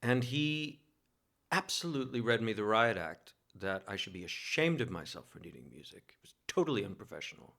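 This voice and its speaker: This interview guest, a New York City man, spins an energetic story poking fun at himself and chuckles throughout. His voice is lowish and gravelly, and he talks briskly.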